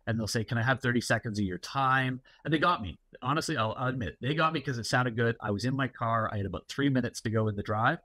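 A man's voice: mid-range voice, fast, hardly any pauses, fairly bright tone, no room sound. A middle-aged man, a guest security executive, talking casually and explaining at length with many fillers and anecdotes. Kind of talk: casual interview talk.

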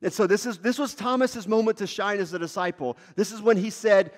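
A male lead pastor delivers a sermon in a high, animated voice. He talks conversationally, rising and dropping sharply in pitch and loudness as he makes his points. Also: fairly quick, few pauses.

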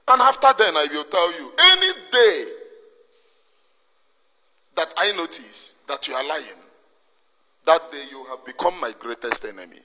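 A man's voice: fairly high pitch, very animated, measured pace, long pauses, sharp tone. A man with a Nigerian Igbo accent in an impassioned monologue, scolding emphatically and repeating himself. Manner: emphatic, repetitive, preachy scolding. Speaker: activist commentator. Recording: long reverb.

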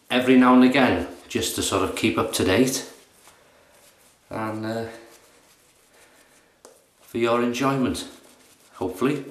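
A man casually narrating his shave in a relaxed, chatty, self-mocking way, recorded in his bathroom. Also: mid-range voice. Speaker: shaving vlogger. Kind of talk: casual narration while shaving. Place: bathroom at home. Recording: echoey bathroom.

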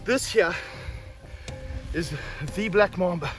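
A man hosting an energetic outdoor snake-handling demonstration to camera. He talks with excitement and breaks into whooping calls. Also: high voice, takes it slowly, faint music behind. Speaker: snake handler and show host. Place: outdoors on grass in hot weather.

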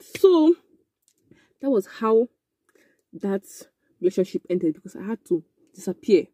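A young woman telling a casual storytime, animated and excitable, with frequent exclamations. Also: mid-range voice, slightly rough, dry recording. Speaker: vlogger.

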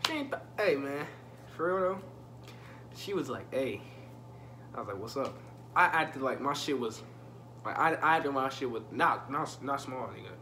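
Expressive and sharp-toned, the young man's medium-pitched voice moves at a normal speed broken by long pauses. He's telling a profane, slangy story in a casual vlog and kidding around with his audience, with a little hiss or hum in the audio.

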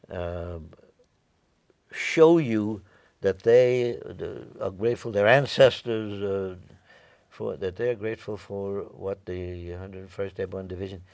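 Gravelly old veteran telling war stories. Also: male voice, fairly low pitch, no room sound. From New York, United States. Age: 90s. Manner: rambling, repeats words, animated retelling. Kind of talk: oral history storytelling.

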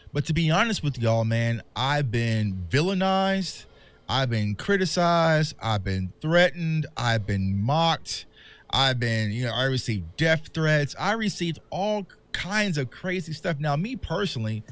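A man speaks straight to his fans in a heartfelt vlog, candid and impassioned, with a mid-range voice. Soft music plays faintly underneath. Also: medium pitch. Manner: impassioned, candid, calls viewers "y'all". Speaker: sports content creator. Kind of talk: emotional vlog monologue to fans.

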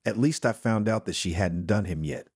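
A male narrator recounts his own story at a normal speed, keeping his delivery even and unadorned. His husky voice leans low. The audio is close-miked and dry, with no room sound or echo.

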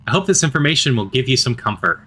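A man reading the lines of a reserved woman doctor and chief engineer in an even, measured, neutral voice. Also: mid-range voice, slight background noise. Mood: calm.

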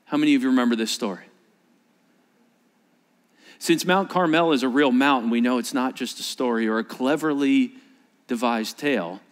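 A man's voice: mid-range voice, normal speed, pauses often, clear, resonant tone. A male pastor preaching a sermon in a large church auditorium, telling the story animatedly and acting out the scenes. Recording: echoey large hall.

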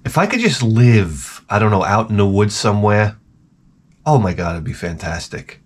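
A man's voice: lowish voice, expressive, moderate pace, breathy edge. A middle-aged man, host of his own channel, telling rambling comic stories in a profane, ranting way. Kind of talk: rambling comedic monologue.

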